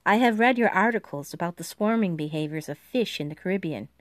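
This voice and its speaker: A woman voicing a brisk, chatty male doctor in an audiobook. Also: lowish voice, animated, dry recording, studio quality, natural voice. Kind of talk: audiobook dialogue.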